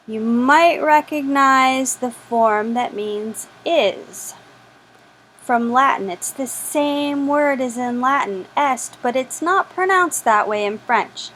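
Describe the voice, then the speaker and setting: A woman gives a slow spoken French lesson, patiently repeating each word so listeners can practice. Her voice is a little high and a bit bright, and the rough recording has a slight hiss or hum.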